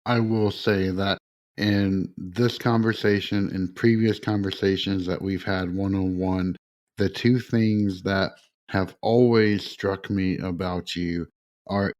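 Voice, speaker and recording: A man hosting a podcast interview, speaking in a measured, unhurried way. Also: sits low, steady tone, darkish tone. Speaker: podcast host.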